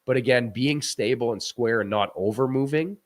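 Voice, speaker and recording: A man talks through a post-game hockey chat as a former goalie, his voice mid-pitched and ordinary. He rambles and restarts often, jumps up in energy and laughs easily. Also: moderate pace. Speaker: former goaltender, guest analyst.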